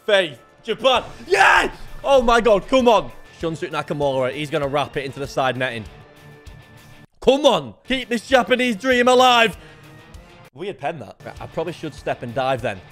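A young man commentating his own football video game match, muttering under his breath and then bursting into shouts. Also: normal speed, soft background music. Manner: excitable, swings from low muttering to shouted outbursts. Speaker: gaming YouTuber. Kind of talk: live gameplay commentary.

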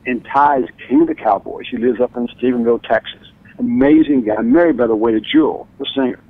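Telling stories as a radio guest, an author acts out other people's words, his gravelly voice swinging widely up and down. He talks fairly quickly and with enthusiasm. The audio is dry and tinny, as though over a phone line, without room sound.

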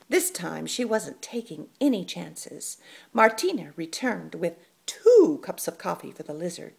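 A woman reading a children's picture book aloud, slow and playful. Her voice rises and falls widely, with a gravelly, husky texture. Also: lowish voice. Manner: expressive, playful. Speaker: storyteller. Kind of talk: children's story read-aloud.

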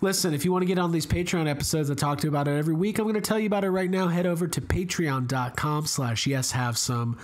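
A man's voice: on the high side, fast, few pauses. A man hosting a podcast in casual chat, joking and playful. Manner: jokey, playful. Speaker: podcast host.

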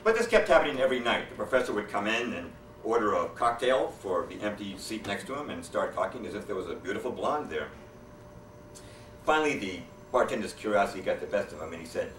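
A man telling jokes to a live audience, deadpan, acting out the characters in his stories. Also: lowish voice, fast talker, a little hiss or hum. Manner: deadpan storyteller who acts out quoted characters. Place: lecture hall with an audience. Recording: echoey hall, distant mic. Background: audience laughter.

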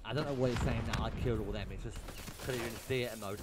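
A man's voice: mid-range voice, fast talker, very noisy. A young man giving exasperated, swearing commentary over his own match replay. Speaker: gaming YouTuber. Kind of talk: profane gameplay commentary rant. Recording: game gunfire loud behind voice. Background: game gunfire and shots.

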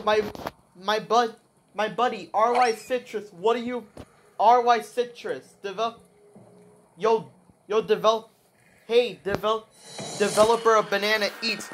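A young woman giving excited commentary over her gameplay, full of exclamations, repeats and restarts. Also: on the high side, background noise. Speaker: gaming video creator.

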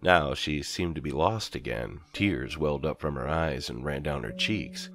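Very deep, gravelly horror storyteller man. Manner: measured, first-person storytelling. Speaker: narrator. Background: soft background music.

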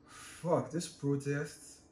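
A man's voice: on the high side, little pitch movement, drawn-out words, warm tone, roomy sound, a little hiss or hum. A man commenting casually on videos, profane and slangy, laughing often between remarks. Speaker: streamer reacting to videos.

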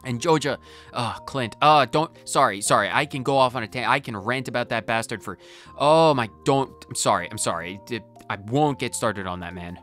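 A man giving casual gameplay commentary, rambling and talking to himself, going off on tangents with sudden jumps in loudness. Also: mid-range voice, moderate pace, faint music behind. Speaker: gaming video host. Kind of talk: casual let's-play commentary.

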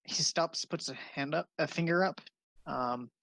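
A game master describing scenes in a tabletop game, halting often with fillers. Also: medium pitch, steady tone, a bit bright, dry recording, rough recording.

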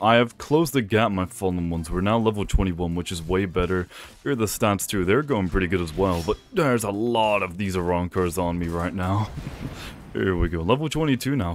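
Excitable young man narrating gameplay. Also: low-pitched. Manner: excitable, laughs often, talks to himself. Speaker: gaming YouTuber. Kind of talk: gameplay commentary.

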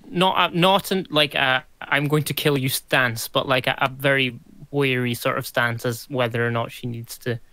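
A man's voice: medium pitch, fairly even intonation, moderate pace, few pauses, sharp tone, no room sound. A man playing a tabletop game, talking hesitantly with many fillers. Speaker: player.

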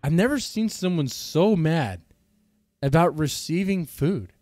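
Man, stream host, casual reaction talk, sarcastic, animated pitch, dry sound. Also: unhurried, no echo. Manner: laid-back, sarcastic, jokes at the clip.

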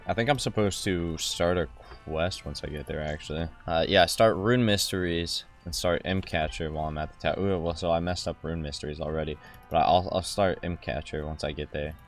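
A young man with a very low, deep voice talks through a video game in a loose, jokey, rambling way. He keeps acting out snippets of dialogue as he goes. Faint music plays softly behind him. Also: steady tone, a little fast, hardly any pauses. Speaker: gaming video host. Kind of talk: joking gameplay commentary.

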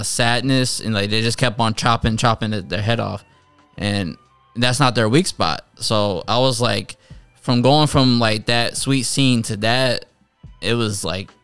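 A man's voice: fairly low pitch, fairly bright tone, smooth, dry recording. A man casually reviewing an anime episode, retelling scenes in a rambling way with many fillers and restarts. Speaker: anime reviewer, channel host.

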